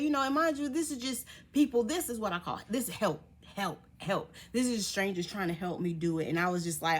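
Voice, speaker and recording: A young woman vlogger with a fairly low pitch briskly tells her viewers a personal story. She's casual and animated, laughing often and acting out what others said.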